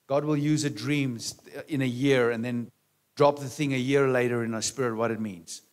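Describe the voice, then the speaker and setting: A man preaching a sermon in a conversational way, with rhetorical questions and a frequent "right?" or "amen?" to the congregation, sometimes dropping to quiet asides. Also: medium pitch, steady tone, normal speed. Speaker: pastor.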